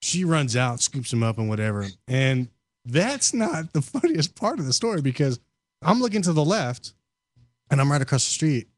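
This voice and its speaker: A man hosts a casual podcast chat, telling stories animatedly and laughing often. His voice is mid-range, his pace moderate, and there's no echo.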